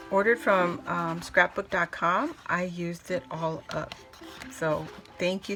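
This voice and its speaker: A woman excitedly chatting through a scrapbooking haul, gushing and squealing with delight. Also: mid-range voice, poor audio. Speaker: scrapbooking vlogger. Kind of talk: excited haul video chat. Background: background music.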